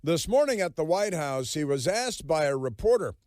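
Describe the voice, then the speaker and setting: A man's voice: a little high, very animated, normal speed, darkish tone, no echo, studio quality. A man hosting a political talk radio show, delivering a sarcastic, mocking monologue with plenty of fillers.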